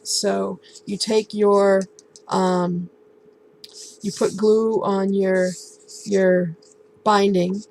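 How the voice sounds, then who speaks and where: A woman crafter talks through a handmade project in an easygoing show-and-tell. Her voice has a gravelly, creaky edge and stays fairly level in pitch. She pauses often with ums and restarts her sentences, and a faint hiss sits under the recording. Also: rough recording. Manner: relaxed, halting, lots of ums and restarts. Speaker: crafting vlogger.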